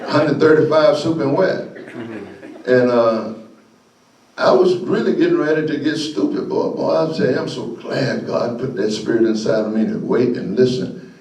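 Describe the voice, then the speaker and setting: An older man, a guest speaker telling folksy stories, animated and often laughing. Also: medium pitch, recorded from a distance. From Florida, USA. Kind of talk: storytelling speech. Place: meeting hall. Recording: echoey room, voice from afar.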